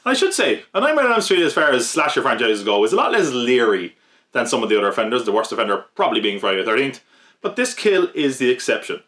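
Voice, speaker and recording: A man of middle pitch reads his scripted horror-movie countdown with a wry, jokey edge and asides to the listener. He talks plainly and steadily, like a podcast host. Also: big pitch swings, quick pace, a bit bright.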